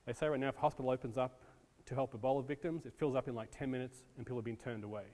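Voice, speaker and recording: A man's voice: mid-range voice, fairly even intonation, racing, a little mellow. A man giving a casual lecture on disaster preparedness to an audience, with many ums, from the United States. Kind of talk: classroom lecture. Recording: long reverb in a hall.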